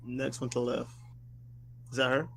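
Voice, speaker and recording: A man's voice: mid-range voice, monotone, moderate pace, gravelly, fairly bright tone, slight background noise. A young man co-hosting a podcast, talking in a laid-back, hesitant, slangy way in casual chat. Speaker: podcast co-host.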